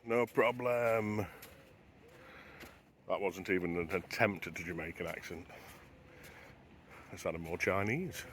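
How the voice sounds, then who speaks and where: A man's voice: deep voice, fairly even intonation, normal speed, long pauses, a bit bright, a little hiss or hum. A man vlogging as he walks a beach at sunrise, chatting to camera and wondering aloud as he goes. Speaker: travel vlogger. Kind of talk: casual walking narration to camera. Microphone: handheld camera while walking.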